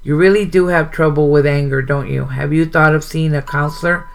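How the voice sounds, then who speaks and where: A man reading out the lines of a calm, teasing male hero from a suspense novel, a little quieter and lower than his narration. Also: a little fast, gravelly, clean tone. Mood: dry teasing.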